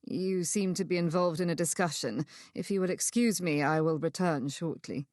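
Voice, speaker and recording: A woman voicing a young Regency gentleman, brooding and wry, with a sarcastic, self-reproaching manner. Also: fairly low pitch, moderate pace, no room sound, clean studio sound, natural voice.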